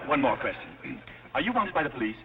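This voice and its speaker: An actor playing a fussy, throat-clearing committee official in an old film comedy. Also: male voice, mid-range voice, sing-song, moderate pace, close to an everyday voice. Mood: prim. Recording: tinny noisy 1930s film soundtrack.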